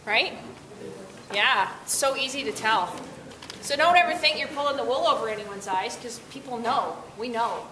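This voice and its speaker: Bright-voiced woman teaching a teen class. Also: on the high side, moderate pace. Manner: upbeat, asks the class questions. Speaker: workshop presenter. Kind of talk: interactive talk to teens. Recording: echoey room, faint noise.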